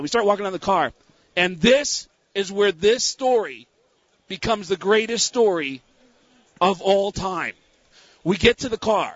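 A man telling a story in casual talk, lively and quick to act out the other people's lines. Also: high voice, no room sound. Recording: dull lo-fi sound.

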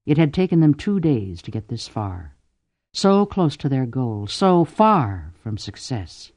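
Mellow-voiced male audiobook narrator. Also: medium pitch, sing-song, dry recording. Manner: measured, deliberate storytelling. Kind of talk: scripted narration.

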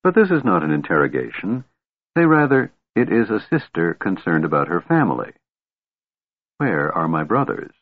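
Man doing a seductive woman warlord, wry, menacing, low voice, thin narrow sound. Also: big pitch swings, moderate pace, no echo. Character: cunning commanding female warlord, seductive.

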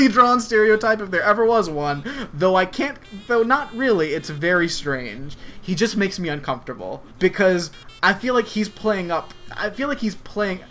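High, bright-voiced chatty man. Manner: rambling, lots of "like" and laughter. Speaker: podcast co-host. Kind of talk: casual chat reviewing a TV episode.

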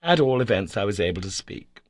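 A man's voice: on the low side, very animated, fairly quick, no echo. Man reading a classic novel. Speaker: audiobook reader. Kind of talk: scripted narration of a novel.

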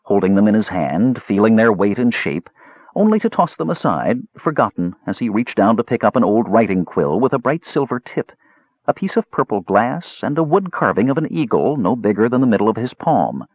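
Expressive male fantasy narrator, husky. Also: fairly low pitch, a little fast, dry recording, muffled recording. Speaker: audiobook narrator.

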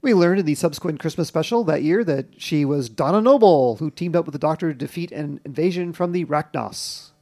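A man hosting a television podcast, narrating in a measured, informative way. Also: a little high, a little mellow. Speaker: podcast host. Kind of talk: scripted narration and chat.

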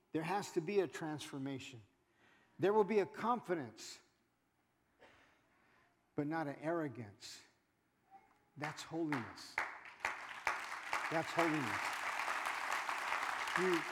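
A man preaches to his church in a high, ringing voice, calling out to the congregation. Now and then he acts out churchgoers in quick quoted asides. His voice rolls through a reverberant sanctuary, with the congregation faintly heard behind him. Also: lively intonation, some chatter behind, a little hiss or hum. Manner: preaching with call-outs to the congregation. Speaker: pastor. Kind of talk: sermon.

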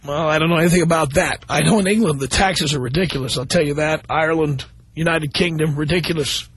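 A man's voice: on the high side, quick pace, fairly bright tone, slightly rough, dry recording. A man hosting a call-in radio talk show, blunt and combative as he rants his opinions.

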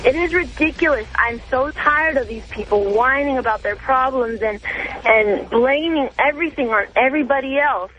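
A woman's voice: sits high, normal speed, fairly bright tone, a little hiss or hum. A woman calling into a talk radio show, speaking indignantly and with emphasis over a phone line. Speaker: caller.

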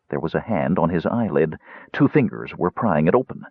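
A man reading a fantasy novel aloud as narrator with an expressive, dramatic delivery. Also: very deep voice, brisk, breathy edge, no room sound, narrow, tinny audio. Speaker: audiobook narrator. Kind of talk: scripted narration.

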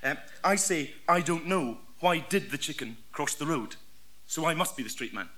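A Scottish man performing dry, deadpan radio sketch comedy as one half of a double act. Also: fairly high pitch, moderate pace. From Scotland.

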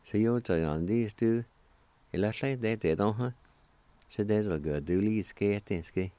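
A man with a low, mellow voice teaches a radio language lesson, taking each syllable slowly and carefully. The sound is close and dry, with no room around it. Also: creaky, dry recording. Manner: slow, careful spelling and syllable-by-syllable pronunciation; gentle, friendly reminders to listeners.

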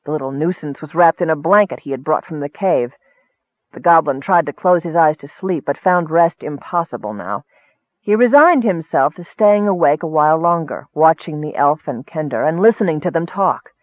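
A man's voice: fairly high pitch, expressive, moderate pace, no echo. Man narrating a fantasy story. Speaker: audiobook narrator. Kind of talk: scripted narration. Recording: tinny phone-like sound.

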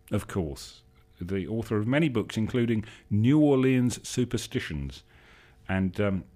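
A man hosting a show, reading a whimsical story in a wry, measured way with the odd um. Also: lowish voice, animated, a little mellow. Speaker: show host and reader.

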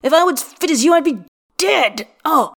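A woman's voice: fairly high pitch, expressive, moderate pace, close to an everyday voice. A woman voicing a flustered, put-upon man in a storybook reading, protesting in a raised, strained voice.

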